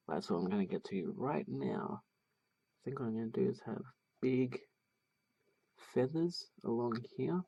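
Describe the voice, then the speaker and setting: Male tutorial host, husky and mellow, talks casually and hesitantly while he draws. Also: mid-range voice, expressive, measured pace, pauses often. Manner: thinking aloud, hesitant with many fillers. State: has the hiccups. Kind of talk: casual drawing tutorial voice-over.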